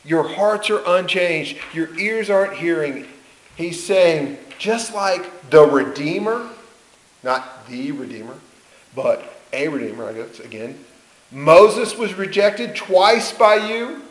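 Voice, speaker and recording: Slow, high-voiced male preacher in an echoing room. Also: expressive. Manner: earnest storytelling, rhetorical questions, acts out quoted speech. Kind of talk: sermon. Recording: roomy echo.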